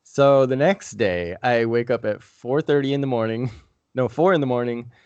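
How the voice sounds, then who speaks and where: A man's voice: mid-range voice, moderate pace, a little mellow, clear, resonant tone, no room sound. Casting: young male podcast host, rambling and profane, dry dull mic. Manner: profane, rambling, laid-back. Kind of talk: casual storytelling chat.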